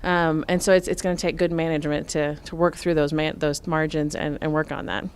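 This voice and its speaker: Woman, middle-aged, from Nebraska, radio interview guest, measured and explanatory, smooth voice. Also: deep voice, flat delivery. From Nebraska, USA. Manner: measured, explanatory, many fillers. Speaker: farm finance expert, guest.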